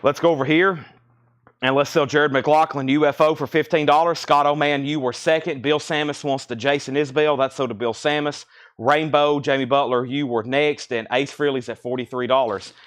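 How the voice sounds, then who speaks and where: A man hosting a live record sale indoors, briskly listing titles and prices in a chatty auctioneer way, a little choked up. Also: fairly high pitch, fairly even intonation, fairly bright tone. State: slightly choked, coughing. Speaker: livestream record seller. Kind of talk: live sales stream.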